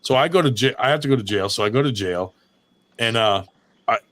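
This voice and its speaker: Profane, animated male storyteller. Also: medium pitch, brisk. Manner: animated, swears a lot, acts out voices in his anecdotes.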